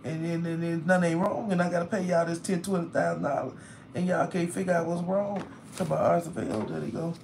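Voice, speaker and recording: A man chats on a phone live stream from a hospital room. He sounds tired, with a gravelly edge to his voice. He vents and complains freely while a faint hiss sits under the recording. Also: a little high, steady tone, a little fast. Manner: chatty, vents and complains loudly about hospital bills. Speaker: livestreamer reading comments. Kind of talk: casual live stream chat.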